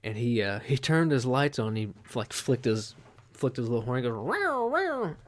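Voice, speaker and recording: Rambling, profane podcast host. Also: male voice, medium pitch, normal speed. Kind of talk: casual podcast chat.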